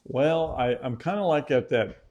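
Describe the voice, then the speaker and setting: A middle-aged man with a slight Southern accent talks in an easygoing, unhurried way, reading viewer comments aloud as he goes. His voice sits at an ordinary pitch for a man. Faint background noise runs under the recording. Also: expressive, a little mellow, lo-fi sound. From United States. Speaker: co-host of a cooking channel livestream. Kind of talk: casual live-stream chat.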